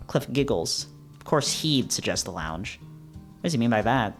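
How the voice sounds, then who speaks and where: A man's voice: medium pitch, sing-song, a little slow, soft background music. Man wryly reading a visual novel. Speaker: let's play host.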